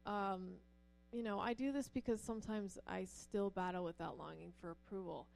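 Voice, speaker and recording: With soft background music, a middle-aged pastor's wife shares personal stories with her church at normal speed in a creaky voice. She tells them animatedly, raising her pitch to act out the voices of the people she quotes.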